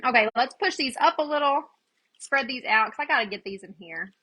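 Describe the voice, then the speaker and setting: A woman's voice: high voice, expressive, a little fast, sharp tone, slightly rough, highs cut off. A chatty woman, hosting a casual live crafting demo and greeting viewers by name as she works. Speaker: craft livestream host.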